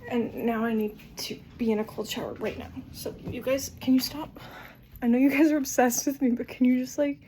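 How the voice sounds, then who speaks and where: A woman's voice: a little high, steady tone, fairly quick, a little hiss or hum, low-quality recording. A young woman chatting casually through a travel vlog outdoors, bubbly and self-mocking, tired from the heat. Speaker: vlogger. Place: outdoors on city streets. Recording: loud background music.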